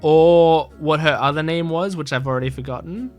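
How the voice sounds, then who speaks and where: A man's voice: on the high side, normal speed, faint music behind. A man casually playing a mystery game, reading its text aloud and rambling through side stories. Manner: rambling, full of fillers and restarts.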